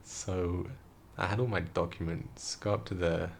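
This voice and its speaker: Young male vlogger, quiet and tired, deep gravelly delivery. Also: steady tone, unhurried, a little hiss or hum. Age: young adult. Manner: hushed, quiet, rambling talk. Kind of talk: casual storytelling vlog. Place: room indoors at night.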